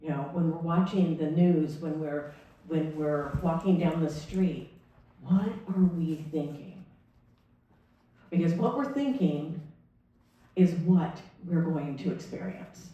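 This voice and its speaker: A woman's voice: sits low, slow, warm tone, dull audio. A woman minister giving a sermon, telling a personal story in a conversational way and acting out the dialogue. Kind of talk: sermon talk. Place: church sanctuary. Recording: echoey room from a distance.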